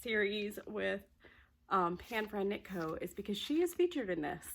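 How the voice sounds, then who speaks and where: A woman vlogging about crafts in a chatty, excited way, a little out of breath. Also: medium pitch, normal speed, creaky, slight background noise. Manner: excited, chatty, laughs often. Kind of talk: casual chat to camera.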